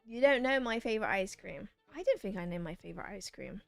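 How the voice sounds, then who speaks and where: A woman's voice: mid-range voice, lively intonation, quick pace, gravelly, hardly any pauses. A woman streaming a video game who chats playfully with her viewers, reading their messages aloud and bantering back. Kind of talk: casual chat with a live chat while gaming. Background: faint game music.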